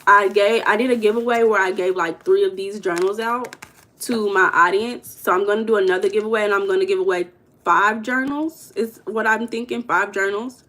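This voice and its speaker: A woman's voice: medium pitch, normal speed, fairly bright tone. A woman hosting a casual livestream, chatting straight to her viewers and repeating herself as she goes. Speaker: livestream host.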